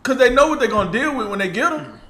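An animated man co-hosting a sports talk show, with a fairly high voice. He makes emphatic, colloquial points in casual chat. The room has a noticeable echo. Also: fast.

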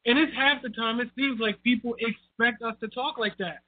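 A man in a casual group chat, speaking quickly with firm opinions. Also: extremely high pitch, steady tone, no room sound. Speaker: regular panelist. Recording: tinny phone-like line, dry.

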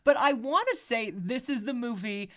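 A woman's voice: a little high, lively intonation, moderate pace, bright, forceful tone. A woman co-hosting a casual movie podcast, talking candidly and swearing freely. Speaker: podcast co-host.

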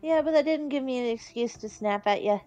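A woman voicing a sheepish young adventurer who speaks loudly and haltingly. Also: sits high, highs cut off, faint music behind, lightly acted. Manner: halting, loud, slow.

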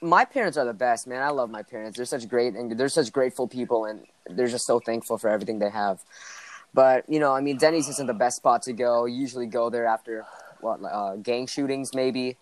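A man's voice: medium pitch, a little fast. A young man on a casual podcast, joking crudely with lots of fillers. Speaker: podcast co-host. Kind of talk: casual chat.

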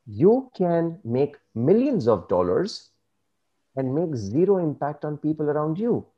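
A man speaking as an interview guest, earnest and measured, giving reflective advice. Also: on the high side, sing-song, lo-fi sound.

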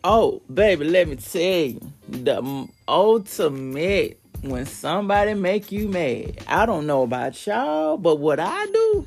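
A woman hosting a podcast in a chatty, casual monologue with emphatic, animated bursts. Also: fairly low pitch, slow, gravelly, few pauses, faint music behind. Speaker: podcast host.

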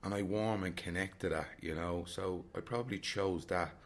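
This solo traveller vlogger from Dublin speaks in a low-pitched voice at a moderate pace, with a Dublin Irish accent. He reflects frankly on travelling alone, wandering off track and repeating himself.

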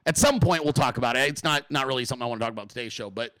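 A man hosting a live show, ranting without a script to his chat, swearing constantly and acting out quotes in exaggerated high voices. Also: rapid-fire, a bit bright, no echo, studio quality. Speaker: livestream host. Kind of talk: profane unscripted rant to a live chat.

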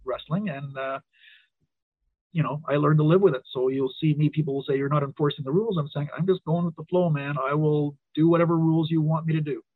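A man's voice: on the high side, fast, no echo. Man on a tinny phone line. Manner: storytelling, animated quoting. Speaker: wrestling referee, guest. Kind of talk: casual interview chat.

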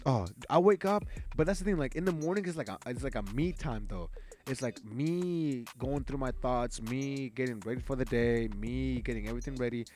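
A young man co-hosting a casual podcast chat, animated and swearing freely, often mimicking other people in high voices. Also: brisk. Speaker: podcast co-host.

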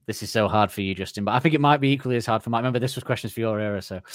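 A man's voice: fairly low pitch, racing, dry recording, studio quality. A man from England hosting a casual quiz on a podcast, chatty and teasing, laughing often. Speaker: podcast host running a quiz.

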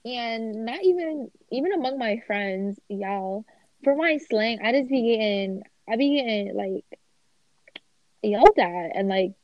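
A young woman rattles along in quick, slangy chat. Her voice comes through a dull, lo-fi recording that is dry, with no room around it. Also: on the high side, expressive, dry recording. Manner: fast-talking, slangy. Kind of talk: casual chat.

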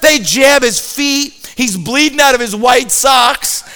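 A man telling a comic story to an audience in an animated way, often repeating a word as he starts a sentence. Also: very high-pitched, slow, clear, resonant tone, soft background music.

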